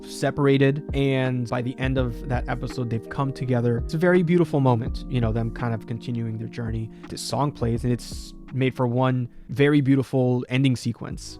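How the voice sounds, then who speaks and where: A man's voice: mid-range voice, moderate pace, few pauses. A man hosting a casual music talk, rambling with lots of filler words. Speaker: music video essay host.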